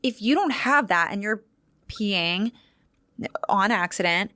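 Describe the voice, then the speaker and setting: A woman's voice: medium pitch, animated, slow, bright, forceful tone, no echo, studio quality. A woman co-hosting a podcast, chatting in a giggly, rambling way. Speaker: podcast co-host. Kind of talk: casual chat.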